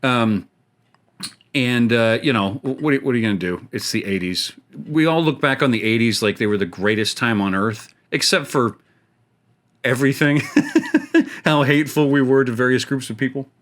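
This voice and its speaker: A man's voice: mid-range voice, lively intonation, moderate pace, a bit bright. A middle-aged man hosting a gaming show, telling a rambling, self-mocking story while he plays and often laughing at his own jokes. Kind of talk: casual storytelling while playing a game.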